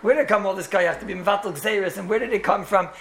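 Gravelly-voiced rabbi teaching a lecture. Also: male voice, high-pitched, rapid-fire, a bit bright. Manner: storytelling with repeated words and chuckling asides. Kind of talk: Torah lecture in English laced with Yiddish and Hebrew terms.

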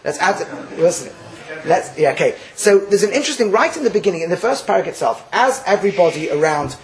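A man giving a Torah class, lively and full of restarts, acting out the people in the verses he teaches. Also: sits high, fast, poor audio. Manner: lively, acts out quotes, Hebrew terms mixed in, restarts.

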